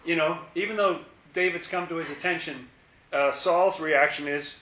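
A man teaching a conversational Bible study, musing aloud and repeating key phrases slowly for emphasis. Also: fairly high pitch, pushed and bright, echoey room, lo-fi sound.

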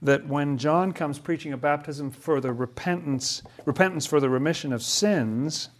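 A man's voice: a little high, moderate pace. A man leading a casual Bible study, thinking aloud and asking questions about the passages.

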